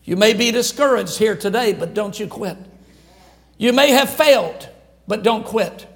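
A man's voice: high voice, a little slow. An older man from Louisiana preaching a sermon in an emphatic, repetitive cadence. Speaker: pastor.

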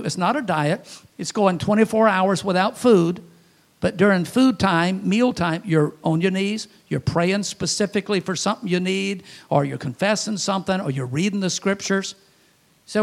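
A high-voiced man preaches a sermon in a folksy, storytelling way. He piles up rhetorical questions and swings between loud and hushed delivery. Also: moderate pace, gravelly. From Louisiana, USA.

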